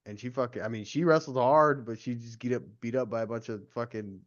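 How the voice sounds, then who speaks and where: A man's voice: mid-range voice, fairly even intonation, a little fast, no echo. Man on a dull, dry line. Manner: rambling, profane, conversational. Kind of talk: casual chat.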